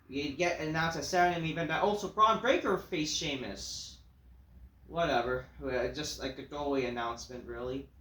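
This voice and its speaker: A man with a fairly high voice rants through a wrestling show review, swearing often and brushing things off with a bored, dismissive tone. His talk is loose and full of filler words. The recording has a roomy echo. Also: fairly bright tone. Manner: profane, dismissive, filler-heavy. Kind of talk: casual ranting review. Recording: echoey room.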